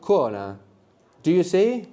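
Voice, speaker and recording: Mellow-voiced man teaching a language class. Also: high-pitched, very animated, slow pace. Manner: patient, explanatory, prompting students to answer. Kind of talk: live classroom workshop teaching.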